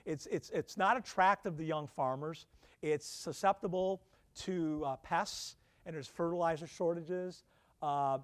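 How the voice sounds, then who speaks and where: Chatty professor quizzing his audience. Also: on the high side. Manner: conversational, quizzing the audience with questions; self-deprecating asides. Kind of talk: public lecture to alumni.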